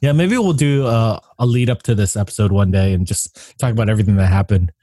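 A man's voice: on the low side, fast, no echo, studio quality. Chatty man hosting a podcast. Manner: animated, laughs often, acts out reactions. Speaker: podcast host. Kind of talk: casual chat.

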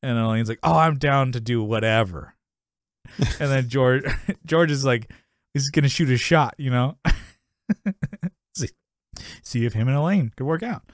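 A man's voice: mid-range voice, measured pace, no echo, studio quality. A man co-hosting a podcast, recapping a sitcom episode in casual chat, rambling, laughing often and acting out quotes.

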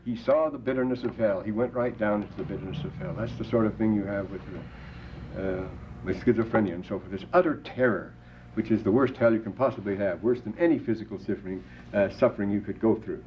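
An older man with a fairly low, slightly mellow voice lectures briskly in a classroom, wandering into asides and rhetorical questions and quoting scripture with rising emphasis. The recording is a dull, lo-fi classroom tape with faint hiss.

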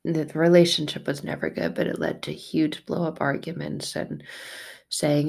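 Low gravelly woman telling a painful story. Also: fairly even intonation, normal speed. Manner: grows tearful and raw, swings from hushed to loud. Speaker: personal storyteller. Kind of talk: emotional personal story.

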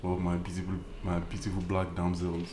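A man's voice: deep voice, monotone, a little fast, roomy sound, background noise. A man co-hosting a casual podcast, teasing his friends in slangy banter. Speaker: podcast co-host.

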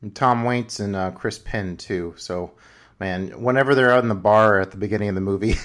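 A man's voice: on the low side, steady tone, a little fast, fairly bright tone. A man hosting a film podcast, talking in a casual, rambling way full of ums, likes and restarts. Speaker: podcast host.

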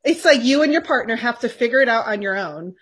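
A woman co-hosting a faith-based podcast in casual chat, animated and quick to laugh. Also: husky. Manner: animated, laughs often, lively pitch jumps. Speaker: podcast co-host.

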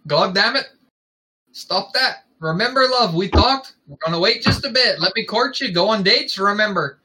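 A man's voice: sits high, expressive, moderate pace, bright, forceful tone, voice pushed up, exaggerated voice. A man voicing a flustered young wizard in an exaggerated, amateur Scottish accent while reading a story aloud. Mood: pleading. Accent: Scottish, put on.

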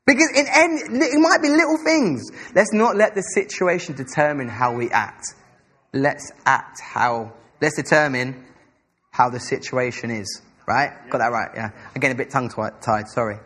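A young English man preaching a sermon at a church service, excitable and rambling, restarting his sentences. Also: mid-range voice, moderate pace, breathy edge. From England.

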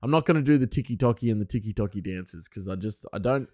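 A man's voice: lowish voice, expressive, fast, few pauses, dark tone, dry recording. Young man, rambling solo podcast chat, dry close sound, laughs often.

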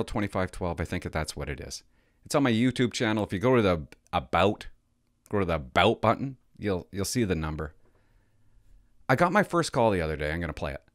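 A man's voice: fairly low pitch, no echo, clean studio sound. An older retired man rambling casually to his camera, stumbling over words and swearing now and then. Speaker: retired vlogger playing hotline calls.

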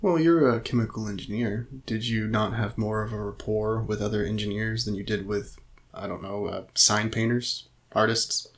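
A man's voice: lowish voice, moderate pace. A man co-hosting a casual book-discussion podcast, trading dry jokes and often restarting his sentences. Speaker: podcast co-host.

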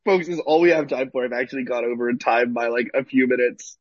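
A man co-hosting a podcast, an animated storyteller in casual chat who swears freely. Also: medium pitch, fast, dry recording, dull audio. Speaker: podcast co-host.

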